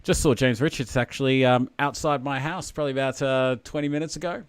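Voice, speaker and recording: A man's voice: medium pitch, steady tone, fast, smooth, no room sound. A man hosting a casual livestream chat, laid-back and rambling, greeting viewers by name. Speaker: host.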